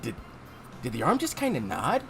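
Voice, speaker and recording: A woman's voice: rumbling low, wildly swooping pitch, normal speed, vocal fry, faint music behind. A woman playing a story game with a friend, reading the game's lines aloud in put-on voices. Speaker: game player voicing characters. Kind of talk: casual game voice-acting playthrough.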